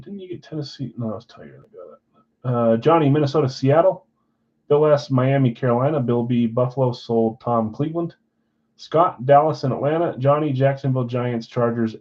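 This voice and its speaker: A man hosting a live card-break stream in casual chat, rattling off names and teams, swinging between loud calls and quiet asides. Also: mid-range voice, muffled recording.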